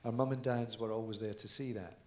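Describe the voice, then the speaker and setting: A man's voice: fairly low pitch, fairly even intonation, a little fast, pushed and bright. A man being interviewed on stage at a live event, telling chatty anecdotes and laughing along. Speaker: guest dancer on stage. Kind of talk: storytelling at a live audience event. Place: large conference hall. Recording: echoey hall with stage mic.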